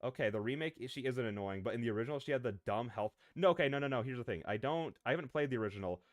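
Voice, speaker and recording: Excitable rambling male streamer. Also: mid-range voice, very fast, no echo, studio quality. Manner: rambling and excitable, prone to tangents and laughter. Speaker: VTuber streamer. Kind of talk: casual live-stream chat, answering viewers.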